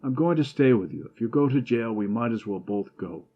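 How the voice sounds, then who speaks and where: A man's voice: medium pitch, a little fast, phone-quality sound, lightly acted. A man reading a curt, tired young wife. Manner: curt, sarcastic.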